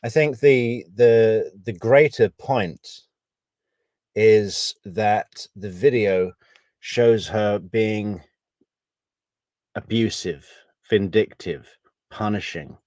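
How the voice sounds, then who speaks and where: A man giving casual, analytical true crime commentary, measured and thinking aloud, with wry asides. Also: lowish voice, a little mellow, no echo.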